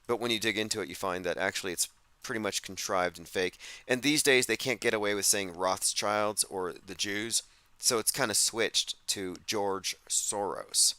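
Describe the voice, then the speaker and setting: A man's voice: lowish voice, normal speed, pushed and bright, dry recording. A man hosting a casual livestream show, talking sardonically and reading out viewers' chat comments. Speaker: host.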